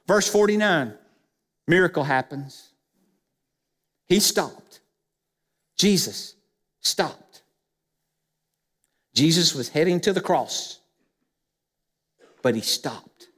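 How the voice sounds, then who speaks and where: Male pastor, high-pitched and emphatic, preaching with rhetorical questions in a church with a long reverb. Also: animated, slow, long pauses, fairly bright tone. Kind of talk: sermon. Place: church sanctuary.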